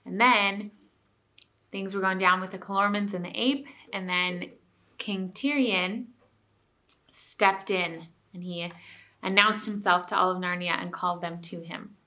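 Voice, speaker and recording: Bright-voiced woman teacher reading aloud. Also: medium pitch, steady tone, normal speed. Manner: clear storytelling. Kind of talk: reading a novel aloud to a class.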